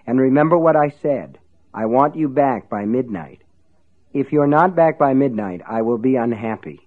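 A man voicing a sly, menacing shopkeeper with a wide sharky grin, speaking smoothly with a quiet threat. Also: medium pitch, lively intonation, normal speed, narrow, tinny audio, natural voice.

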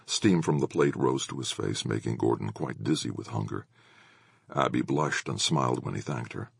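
Man, audiobook narrator, very deep voice, gravelly, husky, dry close sound. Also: moderate pace, dry recording.

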